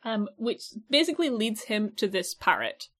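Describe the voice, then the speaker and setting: A woman's voice: fairly high pitch, animated, normal speed, fairly bright tone. A young woman co-hosting a podcast in casual chat, swearing lightly and peppering her talk with "like". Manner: chatty, swears casually, laughs often, heavy use of "like". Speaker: podcast co-host.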